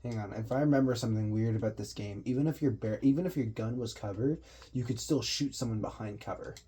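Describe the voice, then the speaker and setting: A man's voice: mid-range voice, quick pace, mellow, husky. A man giving loose, slangy commentary and explaining what he does while he plays a video game. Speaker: gaming commentator. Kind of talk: casual gameplay commentary.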